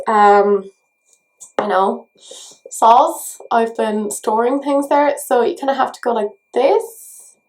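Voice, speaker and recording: Irish woman vlogger, slightly high voice, self-mocking casual makeup chat. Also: fairly even intonation, slow, a little mellow. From Ireland. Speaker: beauty vlogger.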